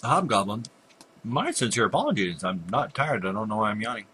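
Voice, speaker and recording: Here an older gameplay commentator talks his way through a computer game, chatty and casual, muttering at monsters and often apologizing for his yawns. His lowish voice is sing-song, fairly quick, bright and forceful, with a little hiss or hum.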